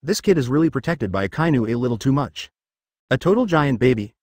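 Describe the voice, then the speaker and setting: Lively-voiced male fanfic narrator, dry. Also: mid-range voice, brisk, no echo. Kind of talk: reading a fanfic audiobook.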